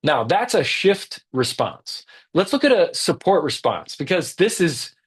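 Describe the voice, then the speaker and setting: A man's voice: fairly high pitch, very animated, unhurried, slightly rough. A man giving an earnest teaching talk on leadership who stresses his key points by repeating them.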